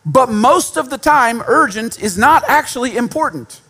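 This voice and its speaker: A man's voice: very high voice, expressive, moderate pace, pushed and bright, slightly rough. A man preaching a sermon in a conversational style, with repetition and self-deprecating humor. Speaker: pastor.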